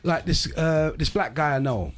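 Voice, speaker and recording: Male podcast host, slightly high voice, emphatic and animated, faint music behind. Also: normal speed. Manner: emphatic, animated, rhetorical asides. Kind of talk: casual chat.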